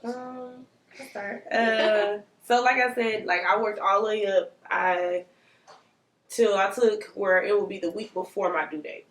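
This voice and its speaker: A young mother in a relaxed, chatty conversation with friends. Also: mid-range voice, measured pace. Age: young adult. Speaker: young mother sharing her experience. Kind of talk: casual chat with friends. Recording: echoey room, distant mic.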